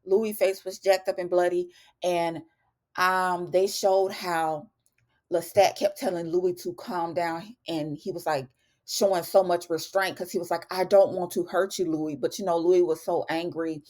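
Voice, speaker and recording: A woman's voice: lowish voice, darkish tone. Chatty woman recapping a show. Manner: chatty, addresses viewers as y'all. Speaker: TV recap vlogger. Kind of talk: casual recap chat.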